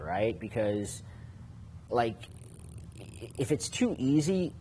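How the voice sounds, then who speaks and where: A man at an ordinary pitch who explains at length in a casual podcast chat, restarting sentences often. There is a faint hiss of noise behind his voice. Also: big pitch swings, slow pace, pauses often, warm tone. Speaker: dating coach.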